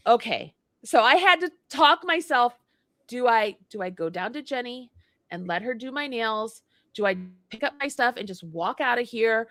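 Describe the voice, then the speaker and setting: Bright, animated woman telling a story. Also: a little high, normal speed, dry recording, studio quality. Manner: animated, acts out both sides of the story, gets worked up. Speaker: co-host. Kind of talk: casual storytelling chat. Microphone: livestream mic.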